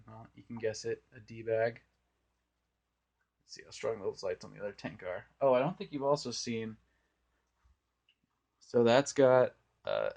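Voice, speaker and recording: A man's voice: medium pitch, darkish tone. A young man giving a casual, rambling tour of his home aquariums while filming on a phone. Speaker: aquarium hobbyist vlogger. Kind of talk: casual tank tour walkthrough. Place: indoor home room full of aquariums. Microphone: phone camera held by the speaker.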